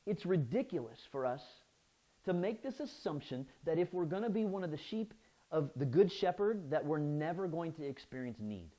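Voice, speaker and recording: A man's voice: a little high, sing-song, normal speed, mellow, low-quality recording. A man preaching a sermon as pastor, often restarting his phrases and asking the listeners "right?".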